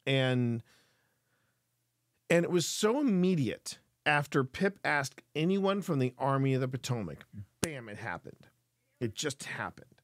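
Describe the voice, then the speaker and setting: A man's voice: mid-range voice, sing-song, unhurried, dry recording, clean studio sound. Earnest man hosting a live stream. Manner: earnest, explaining at length to chat. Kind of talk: casual live-stream commentary.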